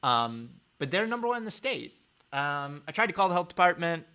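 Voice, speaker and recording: Male host, sarcastic, rambling, gravelly edge, bright tone. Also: fairly high pitch, sing-song, a little fast. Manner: sarcastic, rambling with many fillers. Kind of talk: casual commentary on clips.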